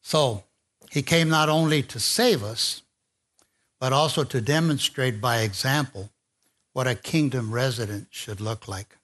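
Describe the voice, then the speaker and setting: A man's voice: medium pitch, unhurried, fairly bright tone. A man preaching a conversational sermon and speaking informally, with fillers and restarts.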